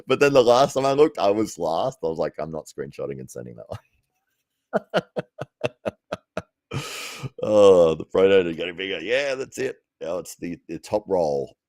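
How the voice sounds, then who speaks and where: A young man hosts a live stream, chatting loosely and laughing at himself between viewer comments. His voice sits very low. The sound is dry and close, with no room echo. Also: lively intonation, a little slow, pauses often, a little mellow. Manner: chatty, laughs often, self-deprecating. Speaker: livestream host. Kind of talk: casual live-stream chat reading comments.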